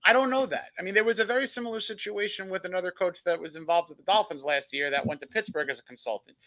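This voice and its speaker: A man's voice: high-pitched, fast talker, bright, forceful tone, rough recording. A man co-hosting a sports podcast, laying out his opinions in an analytical, hedging way. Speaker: podcast co-host. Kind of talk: casual sports podcast chat.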